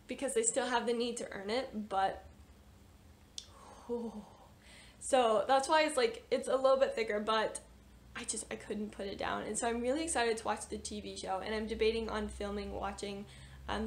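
A woman's voice: a little high, slight background noise. A young woman casually reviewing books for her vlog, chatty and gushing, with lots of fillers and exclamations. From United States. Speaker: book reviewer.

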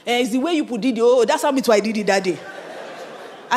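A Nigerian woman pastor preaching with lively, swooping pitch. She tells her story with animation, slips into pidgin, and climbs to shouts. Her voice rings with the long reverb of a church hall. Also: fast, a little hiss or hum. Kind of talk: sermon with personal testimony.

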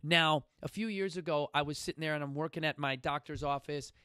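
A man, hosting his own fitness talk show and telling a personal story in a direct, emphatic way that swings between loud bursts and quiet asides. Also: fairly high pitch, fairly quick, smooth, no room sound, clean studio sound. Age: 40s. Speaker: gym founder and podcast host. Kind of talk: motivational storytelling monologue. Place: coastal Southern California gym studio.

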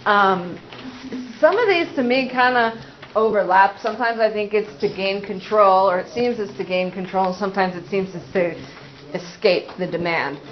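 A woman leads a parent training as a school psychologist, talking casually and acting out little examples in a middle-pitched voice. The recording is dull and somewhat muffled. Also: moderate pace. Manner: conversational, with frequent fillers and acted-out examples. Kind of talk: informal presentation to parents.

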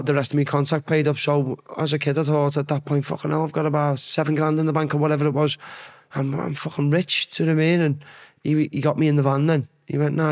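A young man from Liverpool with a broad Scouse accent tells stories as a podcast guest. He talks in a loose, animated way and swears freely. His voice sits slightly higher than most men's. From Liverpool, England. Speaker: guest, former footballer. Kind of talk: casual storytelling.

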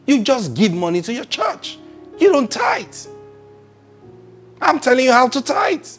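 A male pastor preaching a sermon, swinging between loud emphatic bursts and soft near-whispers. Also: very high-pitched, big pitch swings, normal speed, husky, faint music behind.

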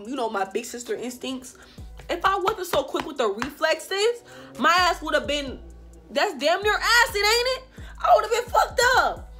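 Young woman, higher voice, animated storytime vlog, swears a lot, addresses viewers, faint music behind. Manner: animated, profane, talks straight to viewers. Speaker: vlogger.

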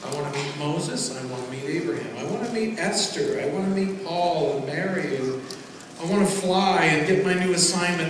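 A man preaching a sermon as pastor, swinging between loud proclamations and quiet asides. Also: a little high. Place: large church sanctuary. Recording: echoey church hall from far off, noisy.

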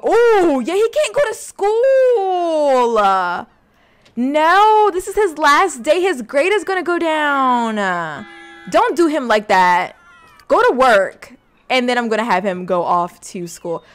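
Young woman, casual let's-play commentary, chatty and expressive, bouncy swooping voice, a bit higher than most. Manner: chatty and expressive, talks to viewers. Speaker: gaming YouTuber.

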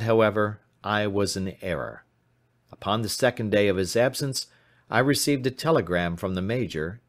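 Man reading a story aloud, measured. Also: on the low side. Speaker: audiobook narrator. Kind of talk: scripted narration.

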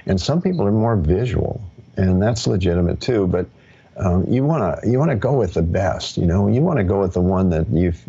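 Deep gravelly man, relaxed teacher. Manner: relaxed, reassuring, with many fillers. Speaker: teacher of ancestral practice. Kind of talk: live Q&A teaching. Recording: dull lo-fi audio.

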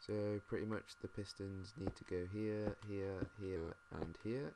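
A British man mumbling and thinking out loud, swearing now and then as he plays a game. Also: sits low, fairly even intonation, measured pace, creaky. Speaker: gamer. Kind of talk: casual let's-play commentary. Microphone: desk mic. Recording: noisy home mic with mouse clicks.

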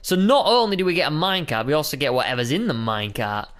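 A man's voice: fairly high pitch, big pitch swings, fast talker, a bit bright. A young man chatting playfully while co-hosting a Minecraft let's play, often calling his partner mate. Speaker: gaming co-host.

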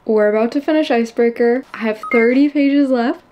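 A woman in her twenties, a book vlogger chatting casually to her viewers, gushing and excitable. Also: a little high, a little fast, muffled recording, a little hiss or hum. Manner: gushing, excitable, addresses viewers as you guys. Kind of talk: casual reading vlog.

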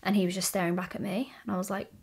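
Young British woman, beauty vlogger, brisk and candid, casual tutorial chat. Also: medium pitch, flat delivery, vocal fry, a little mellow, breathy edge. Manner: chatty and candid, asides and stories while working.

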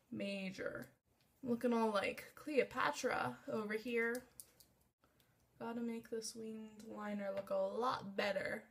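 Young female vlogger, high voice, chatty and self-mocking, talking casually at home. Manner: rambling, self-deprecating chatter. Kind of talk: casual makeup vlog.

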